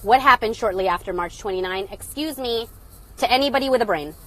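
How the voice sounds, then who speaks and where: A woman's voice: on the high side, a little fast. Angry, sarcastic woman ranting on a phone live. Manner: sarcastic, blunt, swearing. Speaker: livestream host. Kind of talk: angry livestream rant.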